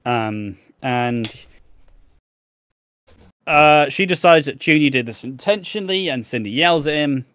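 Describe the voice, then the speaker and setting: A man's voice: fairly high pitch, lively intonation, unhurried, long pauses, a bit bright, clear, resonant tone, no room sound. British guy chatting on a podcast, swears a lot, laughs, dry close mic. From Britain. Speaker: podcast co-host. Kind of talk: casual chat. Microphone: home setup, on camera.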